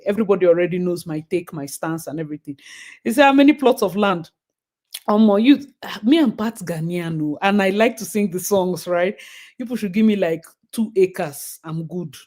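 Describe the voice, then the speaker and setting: A woman hosting a live stream, chatting casually and thanking viewers with bursts of excitement. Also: on the low side, brisk.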